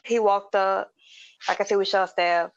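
A woman's voice: medium pitch, fairly even intonation, moderate pace, clean tone. A woman co-hosting a podcast, telling a story in loose, slangy casual chat and acting out the people in it. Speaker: podcast co-host. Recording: dry, slightly dull recording.

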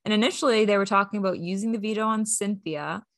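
A woman's voice: medium pitch, fast talker, dry recording. Woman hosting a podcast, chatty and upbeat, dry close sound. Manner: chatty, upbeat, lots of fillers. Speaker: podcast host. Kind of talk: casual recap chat.

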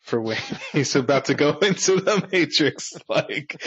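A man's voice: on the high side, lively intonation, takes it slowly, breathy edge. A man co-hosting a movie podcast in casual chat, easygoing and laughing often. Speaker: podcast co-host. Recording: dry, dull lo-fi audio.

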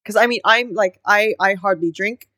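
Female podcast co-host, mid pitch, dry close sound; relaxed, reflective chatter. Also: normal speed, no echo. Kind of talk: casual chat.

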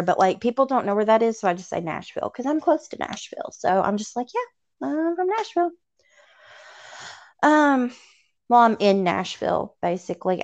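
A woman in her thirties from Tennessee with a Southern accent, chatting casually as a podcast co-host in a rambling, self-deprecating way with some swearing. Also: lowish voice. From Tennessee, USA. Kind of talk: casual chat. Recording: dull lo-fi sound.

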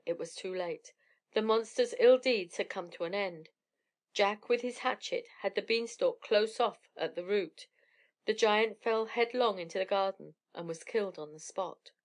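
A woman reads a classic fairy tale aloud as a storyteller. She keeps a measured, even pace in a mid-range voice. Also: medium pitch. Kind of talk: storybook narration.

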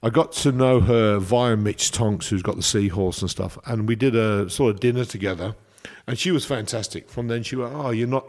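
An English chef with a voice on the low side speaks at a normal speed with few pauses. In this casual chat he tells rambling anecdotes, animated as he goes.

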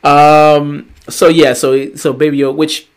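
A man co-hosting a podcast, chatting casually about TV shows in a rambling, animated way, full of fillers, restarts and swearing. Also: fairly high pitch, a little slow, smooth. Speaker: podcast co-host. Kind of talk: casual review chat.

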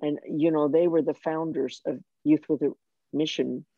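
An older woman telling a personal faith story in conversation, animated and self-mocking, with frequent restarts. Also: deep voice, normal speed, no room sound, highs cut off. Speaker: guest sharing her testimony.

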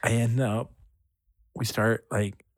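A man's voice: medium pitch, flat delivery, slow, no echo, studio quality. A man co-hosting a podcast, casually telling a long story and laughing often as he rambles. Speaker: podcast co-host.

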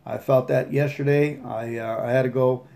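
A man hosting a podcast, reading a recovery story aloud and chatting earnestly, with halting restarts. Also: mid-range voice, steady tone, creaky, warm tone. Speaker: podcast host.

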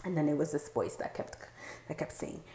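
A woman's voice: low-pitched, animated, fairly quick, dark tone. A woman hosting a podcast, telling a personal story in a loose, rambling way full of "like" and "um" and tag questions. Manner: rambling, heavy use of "like" and "um", frequent "right?". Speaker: podcast host. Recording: echoey room.

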